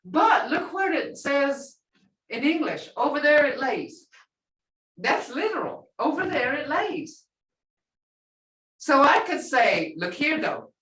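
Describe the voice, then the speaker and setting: Lively woman teacher, far off in a room. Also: fairly high pitch. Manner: animated, laughs often, acts out reactions. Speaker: language teacher. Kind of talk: classroom teaching. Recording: roomy classroom sound from far off.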